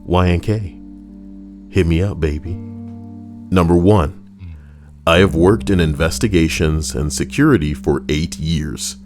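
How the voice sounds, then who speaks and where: A man hosting a casual reaction stream, talking in a slangy, animated way and swearing freely. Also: deep voice, measured pace, long pauses, faint music behind. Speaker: streamer host.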